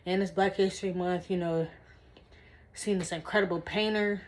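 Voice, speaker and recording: Young woman, kinda low voice, excited casual vlog chat from her room, keeps repeating herself. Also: moderate pace, slight background noise. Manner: excited, repetitive, talks straight to her viewers. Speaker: vlogger. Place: her room indoors, dimly lit.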